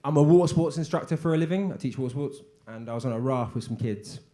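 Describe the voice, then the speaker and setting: A man performs a stand-up set on a comedy stage, telling stories in a flat way and breaking into sudden shouted lines. His voice sits at an ordinary middle pitch. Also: fast talker. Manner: deadpan storytelling with sudden shouted punchlines.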